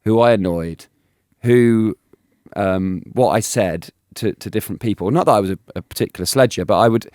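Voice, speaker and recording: Lively man, low dry voice. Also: normal speed, no room sound. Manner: animated, laughing anecdotes with many restarts. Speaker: guest, former cricketer. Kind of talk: casual storytelling interview.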